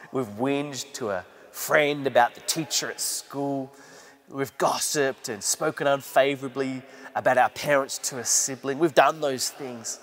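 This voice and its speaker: A male pastor preaching an earnest sermon with rising emphasis. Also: medium pitch. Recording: reverberant hall.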